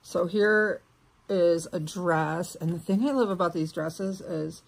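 Gravelly, husky-voiced woman vlogger. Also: fairly low pitch, slow. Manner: gushing and emotional, slipping into soft whispers. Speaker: vlogger opening mail. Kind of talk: casual unboxing chat.

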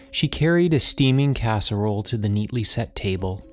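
A man narrating a short story in a steady, measured audiobook reading. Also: on the low side, soft background music. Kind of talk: scripted narration.

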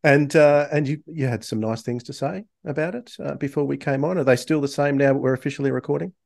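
A man's voice: mid-range voice, fast talker, creaky, a little mellow. A man hosting a casual podcast, chatty and friendly, often restarting his sentences. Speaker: podcast host.

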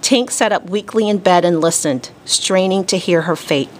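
A woman teacher reading a children's storybook aloud to her class, expressive and deliberate. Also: lowish voice, slight background noise.

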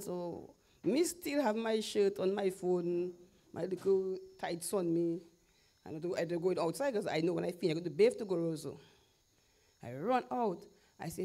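Lively middle-aged Dominican woman testifying. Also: lowish voice, moderate pace, pauses often. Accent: Dominican Creole English. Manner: lively storytelling, acting out quoted voices, laughing often. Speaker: testifying guest. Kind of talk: animated personal testimony.

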